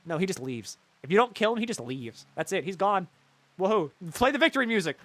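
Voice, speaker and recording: A young man streaming a game, retelling its story with animated, sarcastic and profane commentary. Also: high voice, a little fast, dry recording. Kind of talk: casual gameplay commentary.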